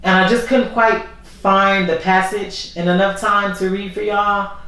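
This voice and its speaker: A woman's voice: mid-range voice, little pitch movement, a little slow, fairly bright tone. A woman vlogger talking casually and candidly, rambling and repeating herself as she speaks from the heart. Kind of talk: casual heartfelt vlog talk. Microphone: voice only, camera not working. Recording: very echoey room, far from the mic.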